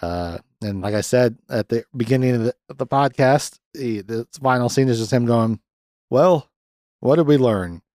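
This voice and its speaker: A young man hosting a podcast, recapping a film in a rambling, profane, sardonic way and jumping into quick raised voices to mimic the characters. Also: medium pitch, fairly even intonation, darkish tone, no room sound, studio quality. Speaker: podcast host.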